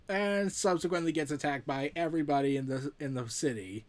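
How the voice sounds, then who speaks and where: A man's voice: on the high side, fairly quick, few pauses. A man reviewing a comic book in a casual, rambling recap. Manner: rambling recap with fillers and restarts.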